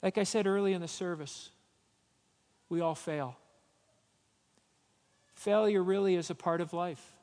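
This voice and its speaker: Man, pastor, sermon, storytelling turning emphatic, high voice, long church reverb. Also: unhurried, pauses often, darkish tone. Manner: storytelling, rising to emphatic exhortation.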